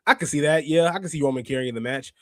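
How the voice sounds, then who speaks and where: A man hosting a wrestling review podcast, chatting casually and slangily, reading out chat comments and bursting into laughs and shouts. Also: a little high, fast, no room sound. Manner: excitable, laughs often and breaks into shouts; slangy, talks straight to chat readers. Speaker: podcast host.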